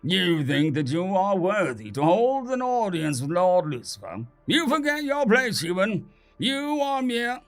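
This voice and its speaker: A man's voice: sing-song, a little slow, soft background music, exaggerated voice. A man voicing a furious, arrogant male archdemon who screams and sneers. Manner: screaming, high and strained.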